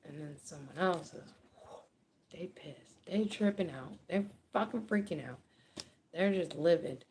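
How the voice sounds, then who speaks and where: A woman giving a casual tarot reading, chatty and animated, with frequent laughter and swearing. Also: fairly low pitch, unhurried, background noise. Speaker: tarot reader. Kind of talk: casual spoken card reading.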